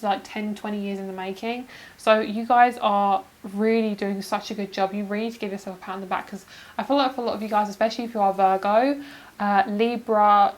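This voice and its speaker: A woman reading tarot cards to camera in an effusive, gushing way, close to tears with emotion. Her voice sits at a middle pitch, and she swears casually between bursts of laughter. She chats to her viewers like close friends. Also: rough recording. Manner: calls viewers girl and you guys. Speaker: tarot card reader.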